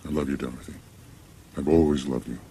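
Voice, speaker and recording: An actor playing a needy, pleading ex-husband in a sitcom. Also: male voice, extremely low pitch, steady tone, fairly quick, warm tone, a little hiss or hum. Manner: pleading, earnest. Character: wheedling ex-husband man, needy. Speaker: sitcom character.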